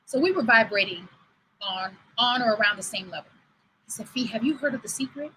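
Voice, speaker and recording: A woman's voice: on the high side, brisk, bright, forceful tone, slight background noise, poor audio. A woman over forty hosting a livestream show, telling stories in a chatty way and acting out what people said. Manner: chatty storytelling, acts out quoted dialogue. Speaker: host. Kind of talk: livestream talk. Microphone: livestream computer mic.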